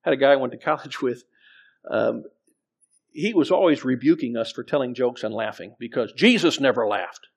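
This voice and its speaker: A man's voice: medium pitch, big pitch swings, normal speed, husky. A middle-aged man preaching as pastor, conversational, with frequent restarts and scripture readings. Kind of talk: sermon.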